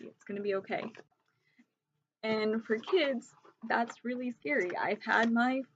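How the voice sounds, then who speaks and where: A woman's voice: on the high side, lo-fi sound, a little hiss or hum. A young woman vlogging from home, talking emphatically and emotionally as she urges viewers and shares her own experience. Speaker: vlogger sharing pregnancy illness resources. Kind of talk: earnest direct-to-camera vlog talk.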